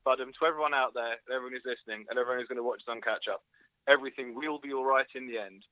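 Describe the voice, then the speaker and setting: A man's voice: mid-range voice, fairly even intonation, racing, dry recording. A cheerful man chatting casually on a call to a show, speaking reassuringly to listeners. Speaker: caller. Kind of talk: casual phone chat. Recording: tinny phone line.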